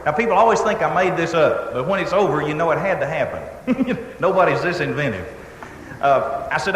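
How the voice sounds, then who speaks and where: A man with a Texan accent telling a folksy comic story to a live audience, with drawling, deadpan asides. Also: medium pitch, a little fast, slight background noise. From Texas. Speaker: humorist storyteller. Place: stage in a large hall with an audience. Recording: echoey hall recording with faint ambience.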